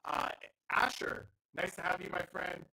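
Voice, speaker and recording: A man's voice: sits high, monotone, a little slow, sharp tone, rough recording. A man hosting a live online audio chat, enthusiastic and rambling with lots of fillers. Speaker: host of a live audio space.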